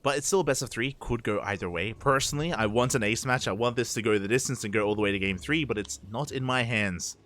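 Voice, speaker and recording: A man's voice: mid-range voice, quick pace, few pauses, a bit bright. An Australian man casting a live esports match, chatty and loose, laughing often between play-by-play. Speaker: esports caster.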